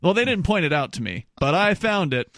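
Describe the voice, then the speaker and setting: Talk radio host, higher male voice. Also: big pitch swings, brisk, fairly bright tone, no echo, clean studio sound. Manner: conversational with frequent restarts and asides. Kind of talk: call-in talk radio, reading news stories.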